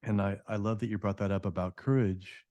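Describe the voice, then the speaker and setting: Deep, flat-voiced male podcast host. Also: a little fast, no echo. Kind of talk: reflective interview commentary.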